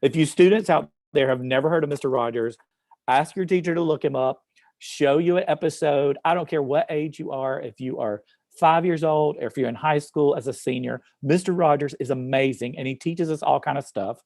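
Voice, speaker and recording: A man's voice: a little high, fairly quick, creaky, darkish tone, dry recording, clean studio sound. A man, an upbeat teacher reading poetry to students and encouraging them, with many fillers. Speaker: educator presenting to students. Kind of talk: reading a poem aloud to a class online. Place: office.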